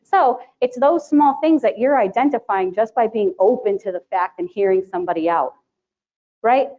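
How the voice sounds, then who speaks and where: A woman presenting to a live conference audience, chatty and animated, laughing often and acting out quotes. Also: fairly high pitch, moderate pace. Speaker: conference presenter, sterile processing educator. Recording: dull lo-fi sound.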